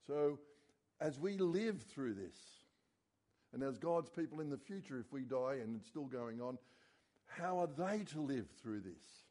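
A man preaching a sermon as pastor, earnest and dropping low and quiet on key words. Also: lively intonation, unhurried.

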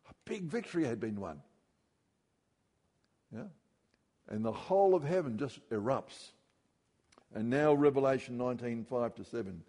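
A middle-aged man preaching a sermon, rising loudly when he reads scripture. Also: medium pitch, expressive, moderate pace, long pauses, long reverb tail. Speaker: pastor.

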